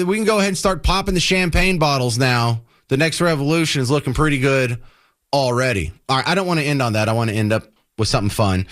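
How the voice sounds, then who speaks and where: Sarcastic talk radio host. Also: male voice, fairly high pitch, a bit bright. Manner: sarcastic, exasperated ranting. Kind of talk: opinionated talk radio monologue.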